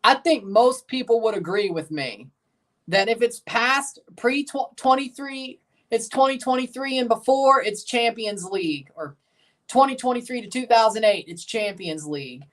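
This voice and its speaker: A man's voice: very high voice, expressive, normal speed, a bit bright, far from the mic. A man with a Southern US accent hosting a live match watchalong, chatting with viewers and calling out the minutes. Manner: chatty, responding to chat, calls out match minutes. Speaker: livestream host reacting to a soccer match. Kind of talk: casual live watchalong chat.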